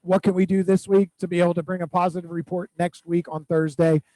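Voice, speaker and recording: High-voiced man coaching his sales team. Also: fast talker, dry recording, poor audio. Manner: direct, repetitive instructions with animated storytelling. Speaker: real estate team coach. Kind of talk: weekly accountability meeting.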